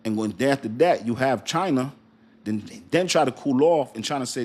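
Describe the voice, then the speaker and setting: A man hosting a casual crypto livestream, joking and talking straight to his viewers in an animated way. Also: mid-range voice, fairly quick.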